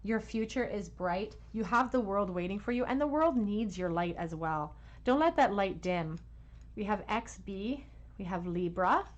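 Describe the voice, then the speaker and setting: A woman giving a pick-a-card tarot reading at home, soothing and reassuring, with soft laughs. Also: mid-range voice. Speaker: tarot reader.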